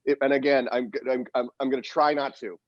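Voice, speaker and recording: A man's voice: medium pitch, little pitch movement, fast talker, no room sound. A man co-hosting a podcast, chatting wryly and casually with hesitant restarts. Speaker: podcast co-host. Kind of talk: casual chat. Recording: dull, lo-fi dry mic.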